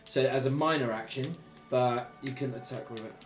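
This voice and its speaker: A man's voice: mid-range voice, moderate pace, reverberant, faint music behind. A man acting as game master, narrating a tabletop game casually, with lots of swearing and laughing.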